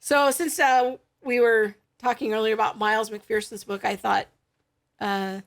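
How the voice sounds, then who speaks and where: A woman's voice: fairly high pitch, little pitch movement, measured pace. A middle-aged woman co-hosting a faith podcast, talking things through in a thoughtful, explanatory way with frequent fillers. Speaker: podcast co-host. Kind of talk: casual faith podcast chat.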